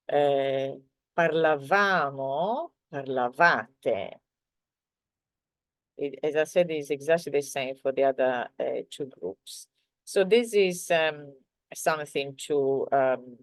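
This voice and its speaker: A woman teaching a language lesson, walking through slides patiently with many pauses and fillers. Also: low-pitched, a little mellow, dry recording. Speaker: Italian teacher. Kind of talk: grammar lesson explaining slides.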